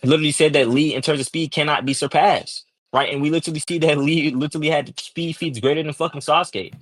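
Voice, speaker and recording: A man's voice: a little high, fairly even intonation, quick pace, no room sound, poor audio. A man in a heated online debate, cursing constantly and tagging his points with "right?" and "okay?". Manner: profane, combative, repeats "right?" and "okay?".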